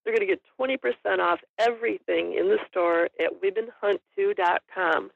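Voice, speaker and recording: A woman's voice: mid-range voice, moderate pace, gravelly, no room sound, narrow, tinny audio. A middle-aged woman, a guest on an interview podcast, talking casually and rambling with lots of ums and little laughs. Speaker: guest, hunter and store owner.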